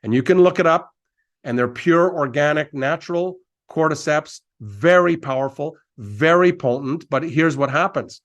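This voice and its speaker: A man giving an energetic, hyped-up sales pitch, repeating himself and firing off quick asides. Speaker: company presenter.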